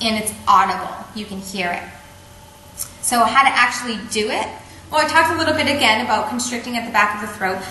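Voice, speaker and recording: A woman teaching a yoga breathing technique in a calm, patient way, often checking in with "okay?". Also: fairly high pitch, a little hiss or hum. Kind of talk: instructional explanation. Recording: echoey room, faint ambience.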